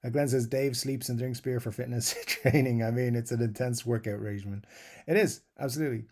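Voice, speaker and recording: A man's voice: medium pitch, steady tone, a little fast, noisy background. A man hosting a live guitar stream, reading out viewer comments and answering them in a loose, rambling way with lots of fillers and chuckles. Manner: rambling, self-described waffler, many fillers. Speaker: guitar channel host.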